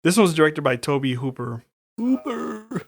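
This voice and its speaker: A man's voice: fairly high pitch, moderate pace, vocal fry, dry recording. A man co-hosting a podcast, recapping a horror movie in casual, profane chat. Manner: profane, animated storytelling with acted-out quotes. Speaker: podcast co-host.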